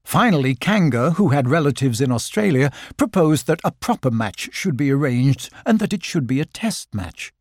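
Expressive man reading a children's story. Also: mid-range voice, normal speed, hardly any pauses, no echo, clean studio sound. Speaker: narrator. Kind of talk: audiobook narration.

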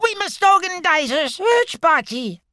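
A man voicing a small, excitable young male kangaroo with a squeaky, eager voice in a storybook reading. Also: slow pace, clean tone, dry recording, studio quality, full character voice.

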